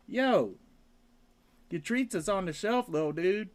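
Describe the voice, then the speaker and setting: A man's voice: sits high, animated. A man hosting a casual livestream, talking loosely and coughing between lines. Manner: laid-back, slow and loose, sings meows and theme hums. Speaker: livestream host. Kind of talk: casual rambling livestream chat.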